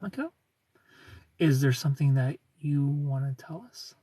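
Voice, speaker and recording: Husky man with a put-on American accent. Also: mid-range voice, a little slow, dark tone, no room sound, recorded from a distance. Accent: American, put on by a British speaker. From Britain. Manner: chatty, reads comments aloud, laughs often. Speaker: livestream host answering chat. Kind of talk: casual livestream chat.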